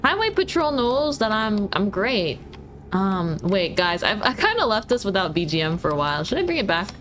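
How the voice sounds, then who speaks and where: In a laid-back gaming stream, a woman plays a driving game and giggles through teasing, playful chat. She speaks at a normal speed in a mid-range, sing-song voice that's a bit bright, over slight background noise.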